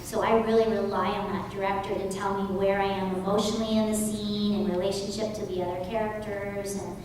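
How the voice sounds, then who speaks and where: A woman's voice: medium pitch, little pitch movement, fairly quick, recorded from a distance, noisy background. A woman, a voice actor on a convention panel, explaining her work in a chatty way. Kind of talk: casual panel talk. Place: large convention hall. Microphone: far from the camera mic. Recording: echoey hall recorded from the audience.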